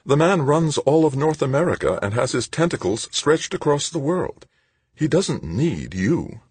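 A man's voice: fairly high pitch, big pitch swings, measured pace, a little mellow, husky, no room sound, pitched above the performer's own voice, exaggerated voice. A man voicing a scornful young woman with a raised, scoffing delivery, reading a storybook. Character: scornful young woman, bitter about power.

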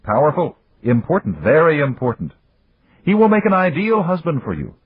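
A cold, powerful father speaks sternly and commandingly, as a male audiobook narrator plays him. The voice is very husky with lively pitch. It sounds dry and tinny, like a phone line. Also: normal speed, exaggerated voice. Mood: scolding. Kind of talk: audiobook character voice.

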